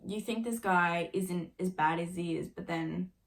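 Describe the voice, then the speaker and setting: A young woman in her late teens telling a story on her own vlog, casual and chatty, filling every pause with "like" and swearing now and then. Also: on the low side, creaky. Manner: chatty, filler-heavy with constant "like"; swears casually while retelling. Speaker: vlogger.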